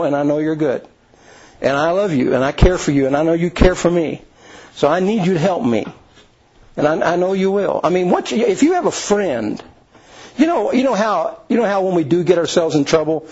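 A man's voice: fairly high pitch, a little mellow, husky, muffled recording. A man preaching a conversational sermon in an earnest, folksy way, with frequent restarts and asides to the congregation. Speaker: pastor.

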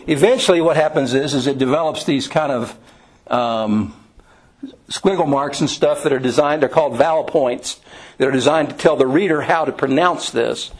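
A man's voice: mid-range voice, moderate pace, rough recording. A middle-aged man leading an informal Bible study class, lecturing in a conversational way with frequent fillers and restarts.

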